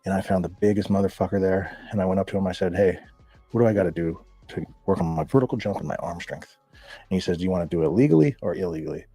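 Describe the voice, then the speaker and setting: A man from Southern California, a guest, telling a profane, animated story in casual talk and acting out the voices of people he quotes. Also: sits low, quick pace, husky, no echo, soft background music.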